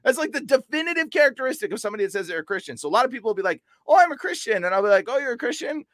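A young man as a podcast guest, telling an animated story and acting out quotes with sudden jumps in pitch. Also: rapid-fire, no room sound. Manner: excitable, acts out quotes with big pitch jumps. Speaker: podcast guest, deliverance minister. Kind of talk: animated storytelling in casual chat.

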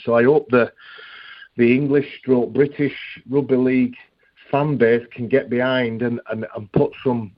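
A man who is a rugby league guest, talking earnestly in a phone-in interview, often restarting and repeating words. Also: mid-range voice. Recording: dull dry phone line.

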